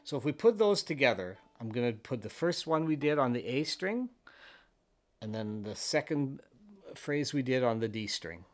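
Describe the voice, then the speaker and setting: A man's voice: mid-range voice, sing-song, moderate pace, soft background music. A man giving a patient fiddle lesson, explaining scales and counting the beats aloud. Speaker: fiddle teacher. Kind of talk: step-by-step instrument lesson. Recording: with fiddle playing in between.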